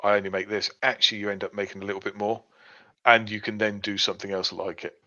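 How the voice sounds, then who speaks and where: A man co-hosting a podcast speaks quickly in a fairly low voice with little pitch movement, pushed and bright in tone. He explains things step by step in a laid-back chat peppered with fillers, and the audio is dull and lo-fi.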